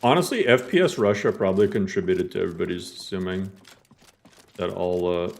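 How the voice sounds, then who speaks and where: A man's voice: sits low, a little fast, vocal fry, a little mellow. A man giving casual, chatty commentary while he plays a game, thinking aloud and laughing easily. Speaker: gaming streamer.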